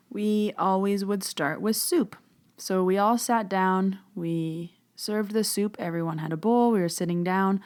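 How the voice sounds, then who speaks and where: Low-voiced chatty woman. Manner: chatty, many "so" and "like" fillers, hushed when she retells whispered talk. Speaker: psychic medium telling her own story. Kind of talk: casual storytelling podcast.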